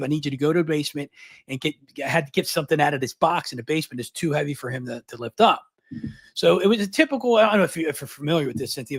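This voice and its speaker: A middle-aged man from Baltimore, a guest on a live interview, telling a long story at high speed, often repeating words and restarting. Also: no room sound. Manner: fast, energetic, long-winded storytelling.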